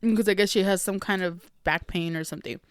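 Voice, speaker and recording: Woman podcaster gabbing about a book, laughs lots, swears casually, smooth voice. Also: mid-range voice, quick pace, no echo. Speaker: podcast host recapping a book. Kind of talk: casual chat.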